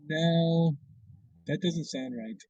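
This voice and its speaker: A man's voice: a little high, slow pace, darkish tone, dry recording. A man hosting a casual livestream chat, rambling with frequent restarts. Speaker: livestream host. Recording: dull lo-fi stream audio.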